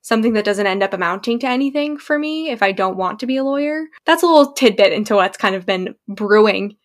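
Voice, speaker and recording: A woman's voice: mid-range voice, expressive, fast. A woman in her twenties, co-hosting a podcast in casual chat, candid and reflective, laughing often. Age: 20s. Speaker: podcast co-host.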